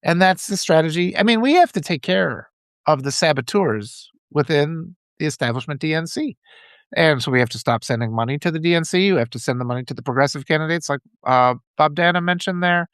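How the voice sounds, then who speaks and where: A man's voice: a little high, lively intonation, a little fast, a bit bright, smooth, no room sound, clean studio sound. A man hosting a livestream, giving impassioned political commentary and reading out viewers' chat, often repeating phrases for emphasis. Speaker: livestream host.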